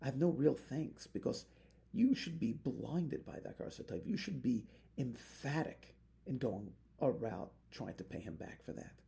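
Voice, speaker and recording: A man's voice: medium pitch, expressive, normal speed, gravelly, dark tone. A man, a rabbi, teaching a Torah lesson with passion, weaving Hebrew phrases into his English and building to emphatic peaks.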